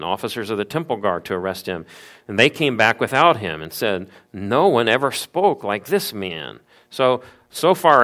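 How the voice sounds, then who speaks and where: A man's voice: on the low side, a bit bright. A man preaching an expository sermon, explaining the passage with rhetorical questions. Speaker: pastor.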